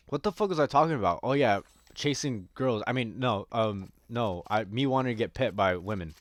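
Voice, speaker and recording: A man's voice: fairly low pitch, lively intonation, normal speed, no room sound. A man giving casual gameplay commentary, rambling and joking crudely with a lot of swearing. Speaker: gaming streamer.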